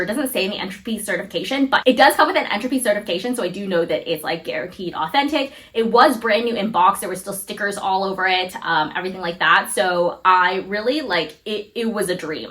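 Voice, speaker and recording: A young woman in her twenties talking casually in a handbag unboxing vlog, gushing and excitable, full of "like" and "um", teary with excitement at times. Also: medium pitch. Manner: gushing and excitable, lots of fillers like "like" and "um". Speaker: luxury handbag vlogger.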